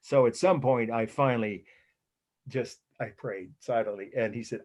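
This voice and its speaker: A man's voice: mid-range voice, normal speed, darkish tone. An older man with an American accent giving an art history lecture in a rambling, chatty way, full of fillers and restarts. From United States. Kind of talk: casual lecture with anecdotes.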